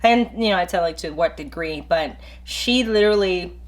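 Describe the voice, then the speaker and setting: A woman's voice: on the low side, moderate pace. A woman co-hosting a casual talk show, playful and laughing as she acts out quoted lines in her stories. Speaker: podcast co-host. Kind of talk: casual chat.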